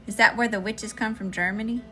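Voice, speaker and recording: A woman's voice: fairly high pitch, steady tone, a little fast, sharp tone, faint music behind. A woman doing a live-stream tarot reading, chatting with viewers between cards. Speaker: tarot reader.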